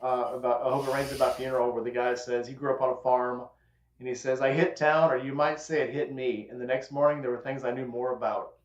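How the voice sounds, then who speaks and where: A man's voice: mid-range voice, flat delivery, fast talker. Man telling a story in an echoey room. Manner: drawling storyteller acting out quotes. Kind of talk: casual storytelling chat. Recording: echoey room, dull lo-fi sound.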